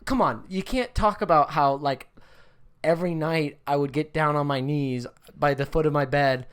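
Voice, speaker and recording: A woman's voice: low voice, normal speed. A woman co-hosting a podcast, chatting casually with a sarcastic, joking manner. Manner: sarcastic, playful, jokey. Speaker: podcast co-host. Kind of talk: casual comedic chat.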